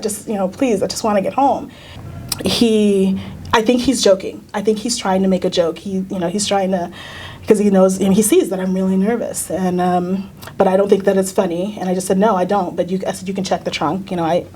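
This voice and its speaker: A middle-aged American woman, a teacher and union leader, recounting a personal experience in a halting, earnest way with many fillers and restarts. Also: medium pitch, fairly even intonation, warm tone, a little hiss or hum. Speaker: union council president, teacher. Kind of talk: personal storytelling in a recorded conversation.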